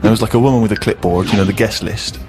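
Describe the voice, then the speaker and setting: A man co-hosting a podcast, telling self-deprecating stories in a casual, animated way. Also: fairly low pitch, quick pace, music in the background. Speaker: podcast co-host. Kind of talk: casual storytelling chat.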